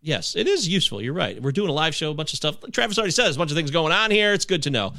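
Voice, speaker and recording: A man's voice: fairly high pitch, big pitch swings, vocal fry, pushed and bright, no echo, clean studio sound. A man hosting a casual live movie podcast, rambling and chatty, stopping himself mid-sentence. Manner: rambling, self-interrupting, quick laughs. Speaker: podcast host.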